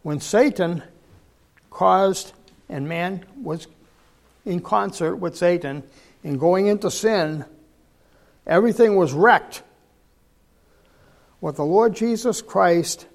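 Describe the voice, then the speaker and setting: Older male preacher, gravelly and high. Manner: folksy storytelling preacher, repeats words for emphasis. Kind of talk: sermon.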